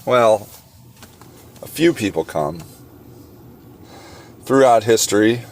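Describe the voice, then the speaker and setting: A man hosting a solo podcast, talking with passion and sarcastic rhetorical questions, halting often with fillers and restarts. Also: on the low side, animated. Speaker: podcast host.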